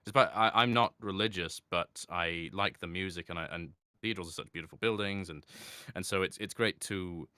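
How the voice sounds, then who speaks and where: A man's voice: low voice, bright, forceful tone, smooth, no echo. A man being interviewed in casual chat, talking thoughtfully with many restarts and light laughs. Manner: halting, thoughtful, with frequent restarts. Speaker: interview guest.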